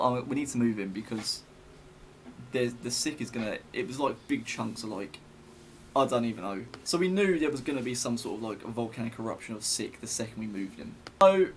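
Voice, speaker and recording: A man's voice: mid-range voice, lively intonation, brisk, slight background noise. A young man telling a story in a casual vlog, rambling and chatty with many fillers and restarts.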